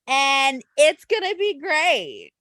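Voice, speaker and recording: A woman co-hosting a casual podcast, gushing and animated as she tells stories. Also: sits high, slow, no room sound, studio quality. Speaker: podcast co-host. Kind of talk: casual chat.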